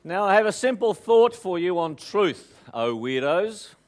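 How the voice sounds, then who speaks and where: A man with an Australian accent giving a motivational talk, telling jokes lively and asking the audience questions. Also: high-pitched, a little slow. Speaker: motivational speaker.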